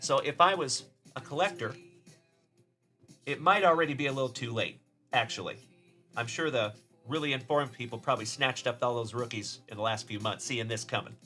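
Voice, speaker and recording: A man from Texas runs a casual live stream of card pack openings, calling out players and thanking viewers by name. His voice is bright and forceful, with mid-range pitch. Faint music plays behind him. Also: brisk. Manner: upbeat, shouting out chat viewers by name. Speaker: card-breaking livestream host.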